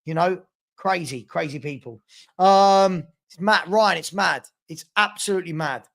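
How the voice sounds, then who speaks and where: Gravelly London man hosting live football chat. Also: sits high, measured pace, a bit bright. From South London. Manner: blunt, repetitive, scolding chat commenters. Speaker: live show host.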